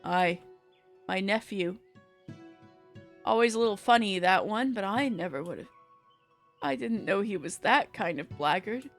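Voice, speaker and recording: A woman reading aloud as a gruff middle-aged farmer who rambles on, in her own plain voice with no accent put on. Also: mid-range voice, lively intonation, a little slow, long pauses, soft background music. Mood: rambling. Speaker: streamer reading a visual novel aloud.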